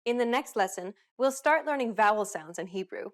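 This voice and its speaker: A woman hosting a pronunciation lesson, giving upbeat, clearly enunciated scripted instructions. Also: mid-range voice, lively intonation, brisk, faint music behind. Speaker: language teacher host.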